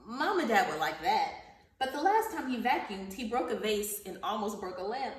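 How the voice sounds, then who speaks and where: A woman teacher giving a vocabulary lesson and reading a story aloud to children, speaking slowly and enunciating carefully, repeating words. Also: medium pitch, very animated. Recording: roomy, echoey sound from a distance off the mic.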